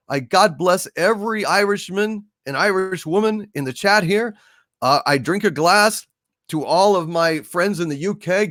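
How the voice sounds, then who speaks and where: A man hosts a casual livestream, reading viewer messages and raising toasts. His pitch is fairly high and swings a lot as he talks. He halts often on fillers, and his close mic sounds dry. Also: fairly bright tone, no room sound. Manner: halting, lots of uh fillers, toasting. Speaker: livestream host. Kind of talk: casual livestream chat reading super chats.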